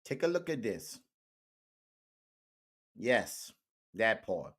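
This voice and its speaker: A man's voice: lowish voice, big pitch swings, very slow, fairly bright tone. A man doing comedic social media commentary in a preachy way, repeating catchphrases to his viewers. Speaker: online commentator.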